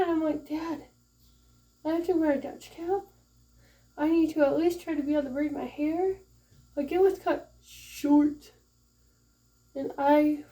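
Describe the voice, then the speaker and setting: A young woman from Michigan, a first-time mom, casually telling a story in a chatty, animated way, acting out the voices of the people in it. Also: high-pitched, distant mic. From Michigan, USA. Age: young adult. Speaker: vlogger. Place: home, late at night.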